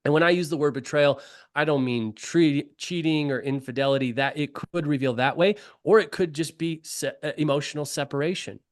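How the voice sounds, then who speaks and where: A man co-hosting a leadership podcast, speaking thoughtfully with frequent pauses and fillers. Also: on the high side. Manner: thoughtful, measured, many fillers. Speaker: podcast co-host, leadership coach. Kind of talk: casual conversation.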